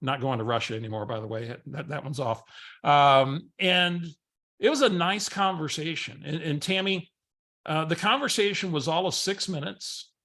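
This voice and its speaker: A man's voice: on the high side, moderate pace, sharp tone. A man co-hosting a coaching webinar, talking conversationally and acting out bits of dialogue as he tells a story. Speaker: real estate coach, co-host.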